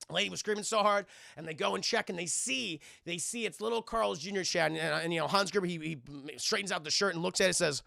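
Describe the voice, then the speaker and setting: A man's voice: high voice, fast, vocal fry, hardly any pauses, sharp tone, dry recording, clean studio sound. A man streaming a casual scene-by-scene film recap, profane and rambling, who keeps turning to talk to his live chat.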